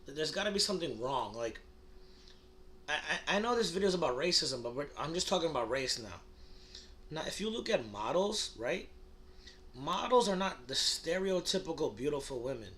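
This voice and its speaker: Rambling crude man with a slightly high voice. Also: big pitch swings, moderate pace, pushed and bright. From United States. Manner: rambling, crude and provocative, filler-heavy with many restarts. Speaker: comedy vlogger. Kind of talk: rambling comedic monologue.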